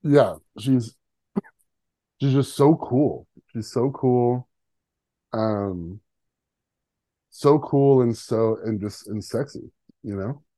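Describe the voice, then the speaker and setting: A man co-hosting a podcast in casual chat, rambling with fillers and acting out characters' lines in quick put-on voices. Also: medium pitch, warm tone, dry recording. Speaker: podcast co-host.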